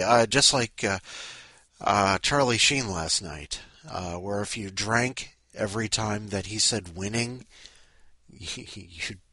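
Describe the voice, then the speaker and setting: A man's voice: on the low side, pushed and bright, no echo. A man hosting a podcast in a rambling, sleepy way, full of restarts and asides. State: sleepy, up at five in the morning. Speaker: podcast host. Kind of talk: casual rambling chat.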